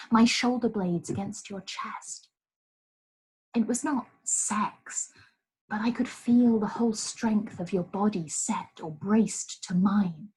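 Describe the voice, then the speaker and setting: A woman hosting a live storytime call, reading a poem softly and letting line endings fall to a near whisper. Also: medium pitch, low-quality recording. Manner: slow, soft, drops to a breathy hush at line ends. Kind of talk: poetry reading and chat. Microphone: video call.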